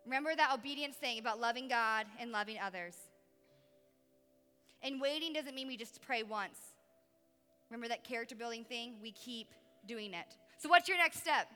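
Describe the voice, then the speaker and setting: A woman youth pastor giving a lively, conversational sermon with emphatic pauses. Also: on the high side, clean tone, in a large hall, faint music behind.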